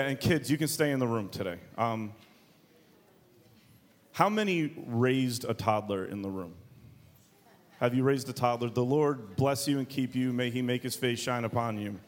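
A man in his thirties preaching a sermon to a congregation, telling a family story in a joking, conversational way. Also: medium pitch. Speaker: pastor.

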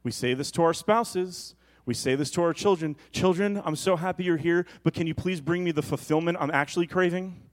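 A man's voice: on the high side, a little fast, poor audio. A male pastor giving a playful, conversational sermon with asides to the congregation.

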